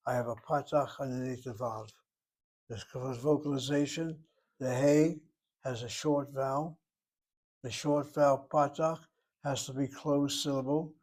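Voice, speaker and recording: An older man teaching a Hebrew class, patiently explaining and slowly spelling out words. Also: mid-range voice, a little mellow. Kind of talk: classroom lesson.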